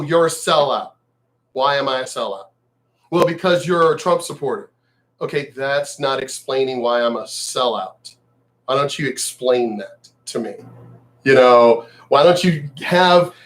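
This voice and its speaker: A middle-aged man delivers a vlog rant with a fairly high-pitched voice. He is blunt, sarcastic and swears freely. He drops into mocking put-on voices to imitate people he disagrees with. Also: poor audio. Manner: mocks others in put-on voices. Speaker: vlogger. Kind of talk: ranting commentary vlog.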